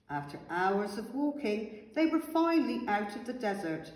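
A woman teacher reading a picture book aloud to her class, with animated, expressive storytelling. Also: medium pitch, normal speed, few pauses. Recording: echoey room with long reverb.

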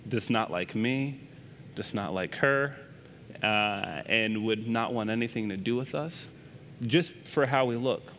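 A man, a news reporter, earnestly telling a personal story in a conversation at church, halting and restarting his sentences. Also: on the low side, fairly bright tone, slight background noise.

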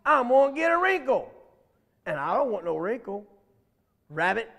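A man voicing a vain, bullying male alligator in a loud, drawn-out threatening drawl. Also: very high-pitched, big pitch swings, creaky, big-room sound, voice pushed up, exaggerated voice. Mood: grumpy.

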